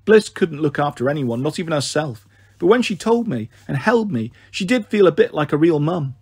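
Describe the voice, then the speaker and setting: Male storyteller reading a children's novel; steady and expressive, slightly raised pitch, husky edge. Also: moderate pace, no echo. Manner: steady, expressive first-person narration. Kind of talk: children's book read aloud.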